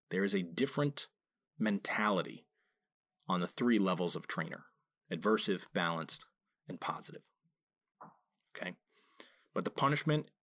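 A fairly low-pitched man, a dog trainer, explains his methods in a loose, conversational teaching style. He leans on repetition to drive points home and slips into exaggerated, higher voices when quoting people. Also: a bit bright. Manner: emphatic, repeats key phrases for stress; acts out quoted voices with big pitch jumps. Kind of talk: informal explanatory talk.

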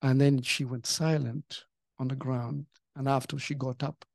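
A pastor sharing a testimony in a podcast conversation, animated and acting out the voices in the story. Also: medium pitch, measured pace, gravelly, no room sound, clean studio sound. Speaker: pastor and co-host.

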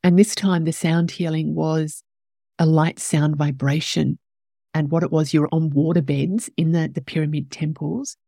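A woman's voice: deep voice, level tone, moderate pace, gravelly, warm tone, no echo, clean studio sound. A woman hosting a podcast, telling a personal story in an emotional, candid way and growing teary as she talks. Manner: emotional, tearful at moments, candid with swearing. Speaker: podcast host.

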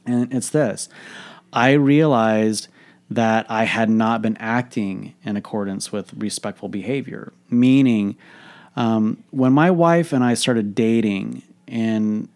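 A man's voice: lowish voice, slow pace, a little mellow. A man, a coach, telling a candid personal story in a frank, reflective way, swearing freely.

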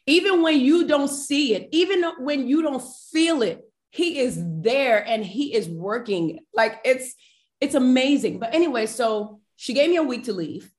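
A woman guest on a podcast, telling a personal faith story in an animated, emotional way and addressing listeners directly. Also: sits high, measured pace. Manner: animated, emotional, acts out quoted voices.

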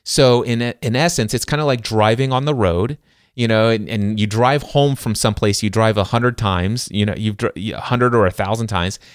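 A man's voice: fairly low pitch, normal speed, dry recording, studio quality. Earnest middle-aged male podcast host. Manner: earnest, faith-driven, emphatic, acts out inner dialogue. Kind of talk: casual book-discussion podcast.

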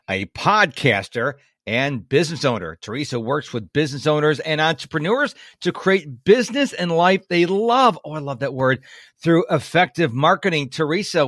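Animated, upbeat male podcast host. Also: a little high, dry recording, clean studio sound. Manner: enthusiastic, animated, playful. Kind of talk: podcast interview.

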